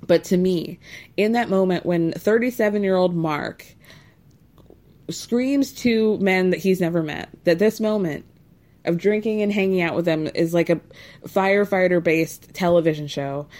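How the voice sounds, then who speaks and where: A woman's voice: lowish voice, unhurried, a little mellow. A woman hosting a podcast, recapping a reality show in a snarky, chatty way with many asides. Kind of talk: casual chat.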